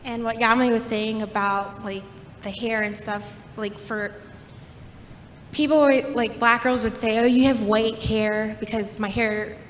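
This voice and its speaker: A young woman sharing her own experiences in a casual, relaxed way, with lots of "like"s. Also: unhurried. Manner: relaxed, filler-heavy talk with many "like"s. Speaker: panel speaker. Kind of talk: casual personal testimony. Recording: echoey hall with faint rumble.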